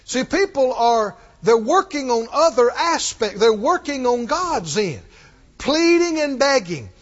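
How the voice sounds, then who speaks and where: A man's voice: extremely high pitch, big pitch swings, a little slow. A man preaching a sermon in a church, emphatic and repetitive, calling on the congregation to repeat after him. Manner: emphatic and repetitive, leads call-and-response. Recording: muffled, with long hall reverb.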